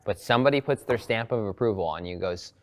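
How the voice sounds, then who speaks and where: Casual low-voiced recruiting advisor. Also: male voice, fast. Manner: casual, filler-heavy, quotes people in voices. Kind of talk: reality-series conversation.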